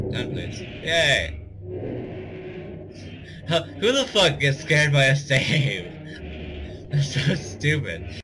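A young man gives let's play commentary in a mid-range voice, panicking, swearing a lot, and laughing nervously often. The recording quality is low.

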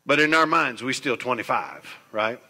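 Pastor, male, emphatic sermon delivery that drops to a hush, in a big echoing sanctuary. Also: mid-range voice, normal speed, husky. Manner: swings between hushed and loud, emphatic. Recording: long church hall reverb.

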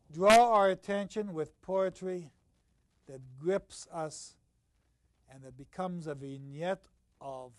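An older man giving a university literature lecture. He swings between loud, stressed points and low, quiet asides, and he reads passages aloud in a slow, marked rhythm. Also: no room sound. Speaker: literature professor.

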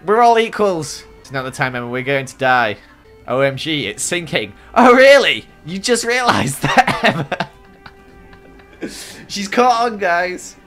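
A young man giving excitable gameplay commentary as a gaming YouTuber, with dramatic exclamations and gasps. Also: fairly high pitch. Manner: animated, exclaims and gasps often, dramatic reactions.

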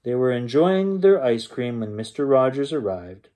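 A man reading a children's picture book aloud as a bedtime story, in a lively, expressive manner. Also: medium pitch, normal speed.

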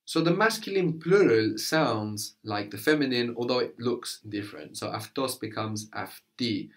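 A man's voice: medium pitch, measured pace. A man teaching a language one-to-one, prompting his student with questions and brief praise.

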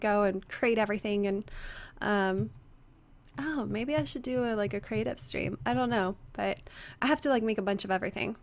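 A woman's voice: on the high side, fairly bright tone. A young woman streaming a game, chatting casually with viewers, greeting them by name and reading their chat aloud, her voice a little strained. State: slightly strained voice, resting it. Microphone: headset.

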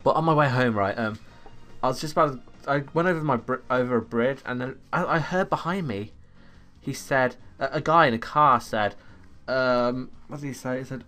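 A man's voice: mid-range voice, normal speed, a bit bright, soft background music. A teenage boy, rambling through casual stories while commenting on an online game at home on a desktop USB mic. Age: teens. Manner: rambling, chatty storytelling. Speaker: gaming YouTuber. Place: home room. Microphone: USB desktop microphone.

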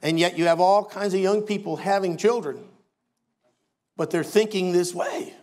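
A man's voice: high voice, moderate pace, darkish tone. An older man preaching a sermon as pastor, emphatic with wry asides.

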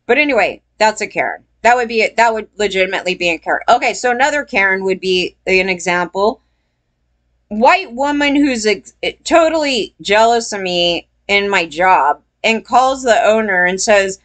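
A woman's voice: mid-range voice, animated, normal speed, a bit bright. A woman vlogger telling a story in a casual, rambling rant, emphatic and full of swearing.

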